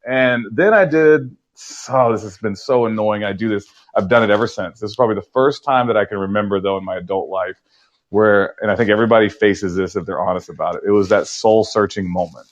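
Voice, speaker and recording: A man in his forties, a podcast guest telling stories in a relaxed way and acting out his own past lines with big jumps in pitch. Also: fast talker, highs cut off. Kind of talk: conversational storytelling.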